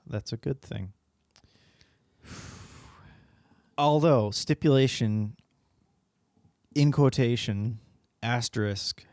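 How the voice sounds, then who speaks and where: A man's voice: mid-range voice, no room sound, studio quality. A man co-hosting a podcast, casual rambling chat, laughing often and swearing freely. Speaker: podcast co-host.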